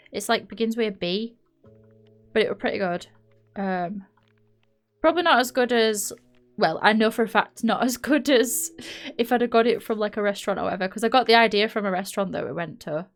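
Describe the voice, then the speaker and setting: A woman with a Yorkshire accent chatting casually while streaming a building game, rambling and often correcting herself. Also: medium pitch. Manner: rambling, chatty, frequent laughs and self-corrections. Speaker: live streamer.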